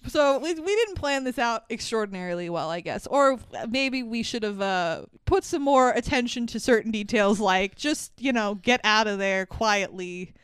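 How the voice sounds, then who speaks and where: A woman's voice: on the high side, lively intonation, moderate pace, hardly any pauses, clean tone, no echo. A woman co-hosting a podcast, casually recapping a movie, laughing often and swearing while acting out bits in quotes. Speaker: podcast co-host.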